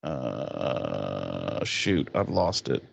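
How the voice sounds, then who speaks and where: A man's voice: extremely low pitch, sing-song, very slow, vocal fry, slightly rough, no echo. A man co-hosting a podcast, loosely retelling a TV episode with lots of fillers and casual swearing. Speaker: podcast co-host. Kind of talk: casual episode recap chat.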